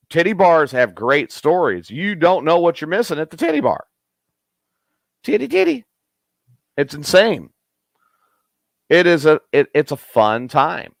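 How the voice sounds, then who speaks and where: A man hosts a late-night show in a casual, crude, rambling way. His voice sits a bit high and leaps around a lot as he gets excited. The sound is dry and close, with no room echo. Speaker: host.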